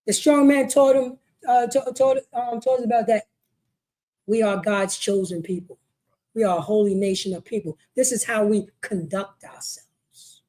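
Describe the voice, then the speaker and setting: This woman's pitch is fairly high, with a steady, dark tone at normal speed. Speaking in a meeting hall, she delivers her religious law lesson as a forceful, repetitive street-style sermon, often adding "you know what I mean."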